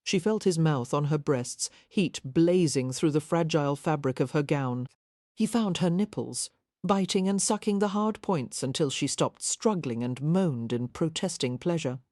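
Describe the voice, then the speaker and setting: A woman with a low, mellow voice narrates a historical romance in soft, measured storytelling. The recording is dry and close. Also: animated, no room sound. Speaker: audiobook narrator. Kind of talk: scripted narration.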